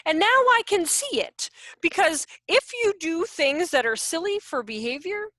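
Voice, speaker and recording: A woman in her forties, a behavior consultant, giving an animated, jokey online workshop talk over a video call. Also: very high-pitched, unhurried, no echo, clean studio sound. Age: 40s. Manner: animated, self-deprecating, jokey.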